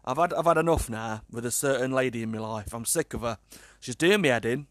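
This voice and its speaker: A man's voice: mid-range voice, a little fast, no room sound. A young man from the UK, chatting casually to camera in an exasperated, joking way with swearing. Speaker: vlogger.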